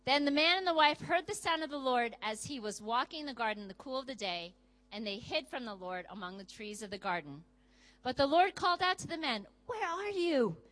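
A middle-aged woman preaching a sermon to a women's group, animated, acting out little inner voices as she goes. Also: fairly high pitch, brisk, rough recording. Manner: animated, acts out inner voices with sudden loud jumps.

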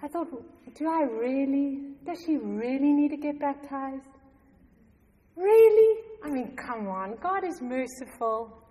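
A middle-aged woman telling a personal faith story to a congregation, animated and often laughing. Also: high-pitched, unhurried, hardly any pauses. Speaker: church member giving testimony. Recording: long hall reverb.

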